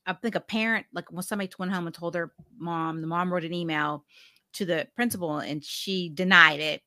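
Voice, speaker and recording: Woman, podcast co-host, casual chat, bright voice, dry close sound. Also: on the low side, dry recording. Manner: chatty, animated storyteller, laughs often.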